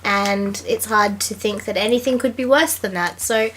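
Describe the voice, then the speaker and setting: A woman's voice: medium pitch, normal speed, fairly bright tone, slight background noise. A woman guest on a podcast, reading book passages aloud and chatting in a dry, easygoing way.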